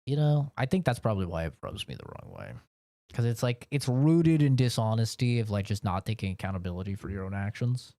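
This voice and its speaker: Streaming games from his home office, a man from the United States rambles through a casual, profane rant. He has a lowish, warm, sing-song voice at a fairly quick pace, recorded in studio quality with no echo.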